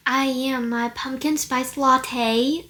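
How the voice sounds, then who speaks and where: Teen girl, casual home vlog chat, high-pitched, slow, hesitant delivery. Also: steady tone, pushed and bright. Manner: hesitant, lots of ums, tries silly accents. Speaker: daughter of the vlogger. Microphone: handheld camera.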